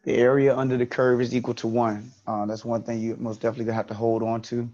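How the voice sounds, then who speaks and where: A man's voice: mid-range voice, flat delivery, fast talker, mellow. Man, statistics teacher, online lecture, repeats key points, dull lo-fi audio.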